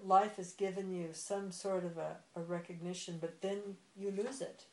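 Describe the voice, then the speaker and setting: A woman's voice: on the low side, little pitch movement, normal speed, reverberant. A woman teaching spiritual philosophy, explaining patiently with examples and checking that she is understood. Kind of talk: explanatory discussion.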